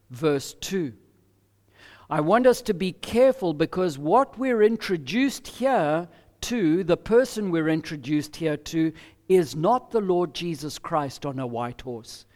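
High-voiced man preaching slowly in echoey hall. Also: darkish tone. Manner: measured, emphatic preaching with deliberate pauses. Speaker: pastor. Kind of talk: expository sermon.

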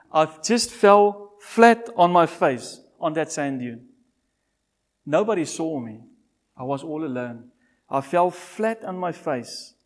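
Pleading older male preacher, slow delivery. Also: fairly high pitch. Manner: pleading, with big swings from loud to hushed; repeats phrases for emphasis. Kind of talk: sermon with altar call.

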